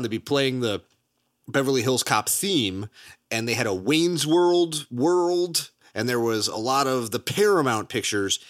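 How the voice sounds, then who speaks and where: A man co-hosting a casual movie podcast, animated and quick with asides, laughing often. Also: mid-range voice. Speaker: podcast co-host.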